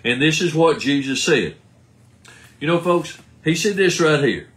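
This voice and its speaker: Preacher guy, kinda high voice that jumps all over, asks a question then answers it quick. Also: animated, fairly bright tone. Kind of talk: sermon.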